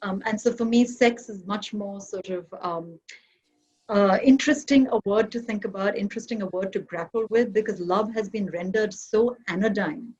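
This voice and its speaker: Woman from kerala, India on a zoom panel, mid pitch, thinking out loud, kinda dull muffled sound. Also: normal speed. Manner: reflective, argumentative academic delivery. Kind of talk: online panel discussion.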